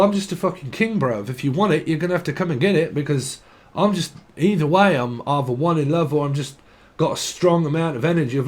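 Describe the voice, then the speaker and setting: Rambling man reading tarot. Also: on the high side. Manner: stream-of-consciousness, swears freely, laughs at himself. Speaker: tarot reader.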